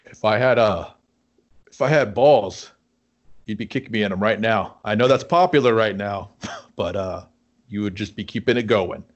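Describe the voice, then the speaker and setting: A man's voice: on the low side, normal speed, lo-fi sound, natural voice. A man voicing a sad, dim green ghost begging to get out of hell, rambling and hesitant with lots of "uh.". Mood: pleading. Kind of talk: comedic podcast bit.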